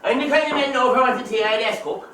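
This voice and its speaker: A man with an Irish accent playing a loud, teasing, scheming countryman in an amateur stage play, heard from far off on an echoey stage. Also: very high-pitched, rapid-fire, a crowd in the background. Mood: boisterous. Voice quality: teasing, boisterous and pushy. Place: theatre stage. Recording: echoey stage recorded from far off with faint hiss.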